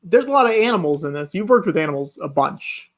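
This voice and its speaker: Higher-voiced man asking casual questions. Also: lively intonation, fast talker. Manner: brief encouraging backchannels.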